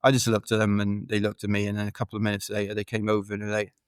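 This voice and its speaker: A man's voice: on the low side, monotone, very fast, smooth, dry recording. A man from the United Kingdom, a podcast guest, telling rambling, chatty stories full of fillers in a casual interview. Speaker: podcast guest, ultra runner.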